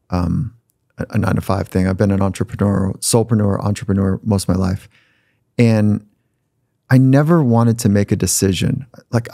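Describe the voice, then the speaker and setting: Middle-aged male podcast guest, gravelly and candid, animated storyteller, dry recording. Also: lowish voice, dry recording. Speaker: podcast guest, sport psychologist. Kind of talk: storytelling conversation.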